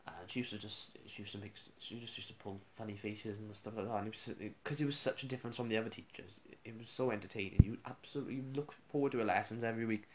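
A man's voice: lowish voice, quick pace, few pauses, noisy background. A man, a radio presenter, casually rambling through funny school anecdotes with restarts and chuckles.

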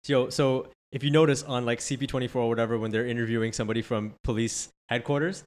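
A man's voice: medium pitch, fairly even intonation, fast. A man co-hosting a casual chat; he talks loosely with slang, opens lines with "yo," and laughs often. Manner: laughs often, chimes in with short asides.

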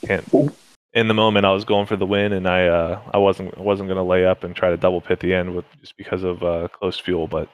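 A man's voice: low voice, flat delivery, a little fast, dull audio. A man, a racing driver, talking casually through a race with many fillers and restarts. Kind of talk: casual interview chat.

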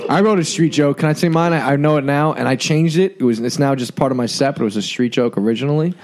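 Comedian guy telling a crude joke story, average pitch. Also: quick pace. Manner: storytelling, crude and loud when laughing. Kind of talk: casual comedy banter.

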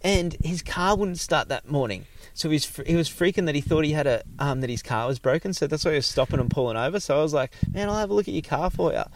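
Animated Australian man in his thirties. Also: a little high, quick pace, few pauses. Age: 30s. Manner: animated, swears freely, acts out quoted voices. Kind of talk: casual storytelling chat.

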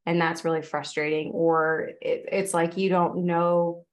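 A woman's voice: fairly low pitch, flat delivery, a little slow. A woman fitness coach in casual podcast chat, talking loosely with many fillers and acting out quoted voices.

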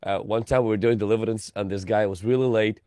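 A man's voice: fairly low pitch, fast, dry recording. Storytelling man with dry sound. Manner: animated storyteller. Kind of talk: storytelling in casual chat.

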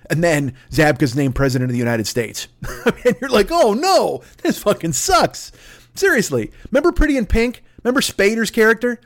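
A man on a comedy podcast, ranting and swearing as he rambles from one thought to the next. His voice sits a bit high for a man, and it climbs when he gets worked up. He restarts his sentences constantly. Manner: profane, rambling, excitable, lots of restarts. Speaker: podcast host. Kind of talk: comedic rant.

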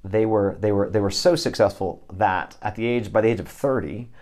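A man with a very low, warm and mellow voice speaks as a guest in an interview. He talks earnestly, in a preacher-like way, telling stories and quoting scripture. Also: moderate pace. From Texas. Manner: earnest, storytelling with scripture quotes. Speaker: ministry leader, guest.

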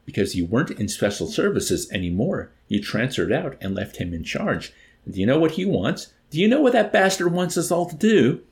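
A man's voice: medium pitch, big pitch swings, normal speed, pitched above the performer's own voice. A man voicing a raging ex-sergeant. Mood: furious. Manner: shouting, raging. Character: irate male ex-sergeant on phone.

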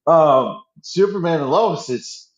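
A man's voice: a little high, lively intonation, takes it slowly. A man chatting casually and eagerly about a TV show, stumbling and restarting often. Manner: enthusiastic, restarts often, acts out quotes. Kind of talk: casual pop-culture chat. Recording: roomy, slightly dull audio.

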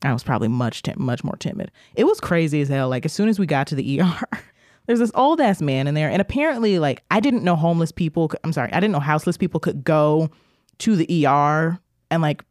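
A man co-hosting a podcast, telling a long anecdote in a casual, animated way with lots of "like" fillers. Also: fairly high pitch, quick pace, no echo, studio quality. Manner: animated storyteller, heavy filler "like". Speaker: podcast co-host. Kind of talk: casual chat.

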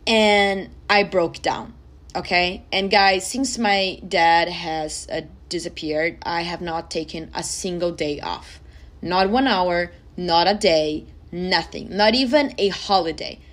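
A woman's voice: on the low side, unhurried, fairly bright tone. A woman, hosting a personal podcast and speaking earnestly and emotionally to her listeners. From Brazil. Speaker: podcast host.

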